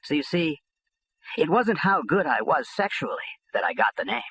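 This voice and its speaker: Husky, lively male audiobook narrator. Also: fairly high pitch, normal speed, no echo, poor audio. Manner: blunt, streetwise storytelling. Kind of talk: first-person audiobook narration.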